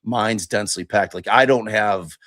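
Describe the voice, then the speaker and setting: A man's voice: fairly low pitch, moderate pace, no echo, clean studio sound. A man who is a defense lawyer, chatting as a podcast guest and laughing often. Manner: animated, laughs often, lively. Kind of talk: casual chat.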